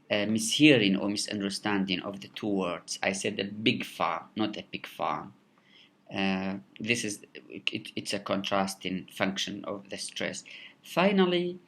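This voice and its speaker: Slow, halting male teacher. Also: fairly low pitch, fairly bright tone. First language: Kurdish. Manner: halting, many repeated words and fillers. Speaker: English teacher. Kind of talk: recorded lecture.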